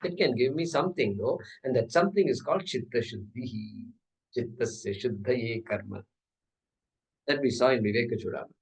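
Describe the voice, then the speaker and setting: A man's voice: mid-range voice, fairly quick, a little mellow, distant mic, poor audio. A man teaching a scripture class, explaining step by step with rhetorical questions and chanting Sanskrit terms. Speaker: Vedanta teacher. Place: class hall.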